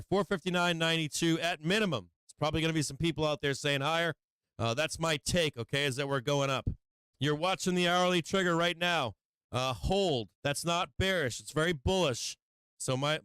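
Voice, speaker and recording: A man hosting a live stock market stream from his home office, swearing constantly and talking in an agitated, rapid-fire way. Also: fairly high pitch, a bit bright, clear, resonant tone, no room sound. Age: adult with children. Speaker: stock market livestream host. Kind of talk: live market commentary to viewers.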